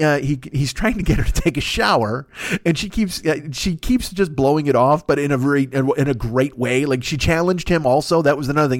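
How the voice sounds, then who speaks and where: A man hosting a podcast, telling stories in a rambling, profane, excitable comedic monologue. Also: a little high, no echo, studio quality. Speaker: podcast host.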